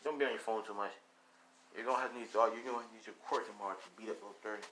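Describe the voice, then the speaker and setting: A man's voice: fairly low pitch, steady tone, racing, a bit bright, a little hiss or hum, close to an everyday voice, rough recording. A man voicing a confident father who gives offhand, teasing advice to his son. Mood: advising.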